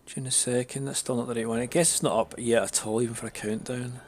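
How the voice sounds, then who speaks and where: A man chatting casually on a live stream, his throat a little raspy and his nose congested, rambling with many fillers and restarts. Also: medium pitch, fairly even intonation, fast, hardly any pauses, darkish tone, slight background noise.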